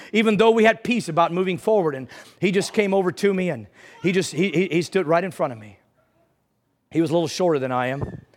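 A man preaching a sermon in church, telling a personal story with feeling and rising into fervent prayer. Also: high-pitched.

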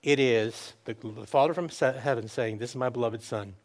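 A man preaching a sermon, asking the listeners questions and acting out scripture quotes in lively voices. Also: mid-range voice, normal speed.

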